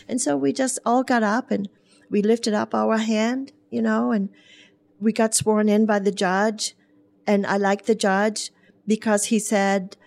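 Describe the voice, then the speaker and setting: Woman telling a lively story. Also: medium pitch, measured pace, vocal fry. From Germany. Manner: lively storyteller who acts out voices and laughs often. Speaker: guest, hairdresser. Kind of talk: storytelling in a talk show interview.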